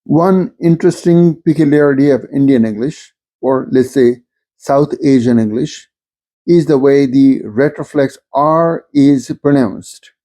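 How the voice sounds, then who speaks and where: A man's voice: mid-range voice, warm tone. A man giving a recorded lecture on varieties of English, explaining steadily and stopping to give spoken examples.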